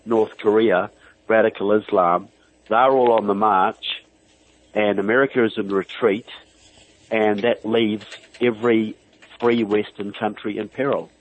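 Heard over a phone line through a telephone, this guest author from New Zealand speaks with his country's accent on a political radio show. He's earnest and emphatic, piling up long lists, in a lowish, steady voice at a slightly slow pace.

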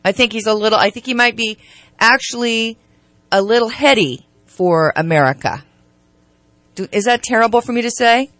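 A woman's voice: fairly high pitch, normal speed, fairly bright tone, no echo. A woman co-hosting a local radio talk show, speaking casually and hesitantly with restarts. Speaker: radio co-host.

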